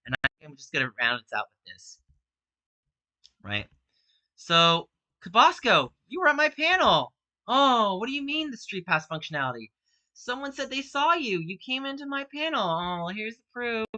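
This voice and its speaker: A woman's voice: on the high side, big pitch swings, normal speed, bright, forceful tone, no echo, rough recording. Agitated, accusatory woman ranting. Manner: accusatory, agitated, addresses the opponent directly; repetitive, emphatic, grows more heated. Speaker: speedrunner and video host. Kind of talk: ranting video statement.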